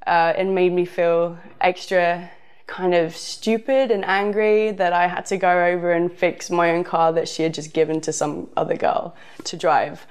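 A woman's voice: on the low side, fairly even intonation, a little slow, smooth. A woman with a southern English accent telling a casual personal story, rambling with frequent fillers. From southern England.

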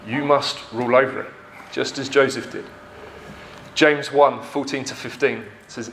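A man's voice: medium pitch, steady tone, unhurried, fairly bright tone, a little hiss or hum. A man preaching a sermon, earnest and emphatic, repeating phrases for effect. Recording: roomy echo.

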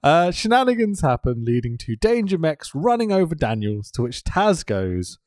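A man's voice: on the high side, very animated, moderate pace, a little mellow, dry recording. A man co-hosting a casual podcast, recapping wrestling with lots of swearing and laughter. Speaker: podcast co-host.

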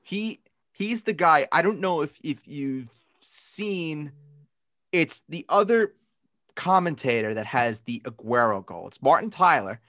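A man co-hosting a casual sports podcast, chatting and breaking into loud commentator and accent impressions. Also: a little high, animated, unhurried, no room sound, clean studio sound. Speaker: podcast co-host.

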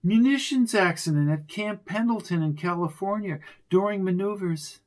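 A man reading an audiobook, voicing a grieving older society woman who speaks in a shaky, halting way. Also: sits high, pitched above the performer's own voice, natural voice. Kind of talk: audiobook character voice.

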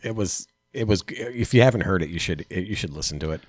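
A man co-hosting a casual talk show, halting and repeating himself, indignant. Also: low voice, lively intonation, no room sound, studio quality. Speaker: podcast co-host. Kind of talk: casual chat.

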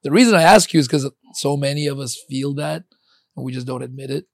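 A man's voice: medium pitch, fast talker, vocal fry, no echo, clean studio sound. A man hosting a casual interview, chatty and encouraging, cursing now and then. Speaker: podcast host.

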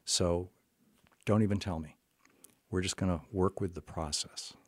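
Low-voiced older man recounting a story. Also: fairly even intonation, dry recording, clean studio sound. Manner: halting, with frequent restarts and fillers. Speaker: therapist. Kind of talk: conversational storytelling.

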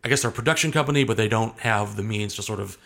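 Low, gravelly-voiced man. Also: very fast, a bit bright. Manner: rambling, hesitant, often restarting sentences. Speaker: guest. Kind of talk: casual interview talk.

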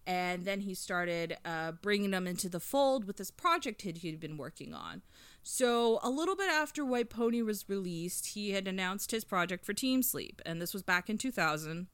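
A chatty woman in her thirties tells a music story with lots of fillers and plenty of enthusiasm. Her voice is bright and crisp. It sounds dry and close, with no room around it. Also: mid-range voice, expressive, moderate pace, no echo. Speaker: podcast co-host reviewing an album. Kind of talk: casual podcast chat.

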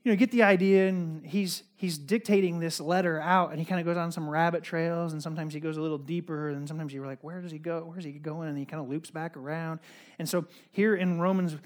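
Chatty high-voiced male pastor. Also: fairly even intonation, fairly quick. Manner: chatty, uses many fillers and asides, swings from loud to quiet. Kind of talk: casual conversational sermon.

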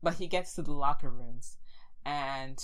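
A woman's voice: very deep voice, measured pace, rough recording. A woman casually recapping a TV show, telling it with lots of fillers and acting out the characters' lines. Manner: animated storytelling with many fillers, acting out quotes. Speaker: podcast co-host recapping a show. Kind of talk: casual chat.

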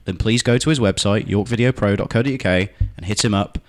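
A man's voice: on the low side, fast talker. A man with an English accent, a podcast co-host, bantering and laughing easily. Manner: joking, laughs often, stumbles and restarts. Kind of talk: casual banter.

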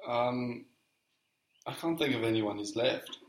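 A man's voice: medium pitch, slow. A man co-hosting a casual football podcast, playfully reading out quotes in a quiz. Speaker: podcast co-host. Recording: roomy echo.

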